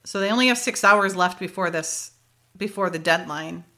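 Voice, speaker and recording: This is a chatty woman with a bright, forceful voice. She recaps a TV episode in casual conversation and laughs often between her lines. Her talk is loose, full of "uh" and "like.". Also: fairly low pitch, moderate pace. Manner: laughs often, retells scenes with many fillers. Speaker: podcast co-host recapping a TV episode. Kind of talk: casual chat.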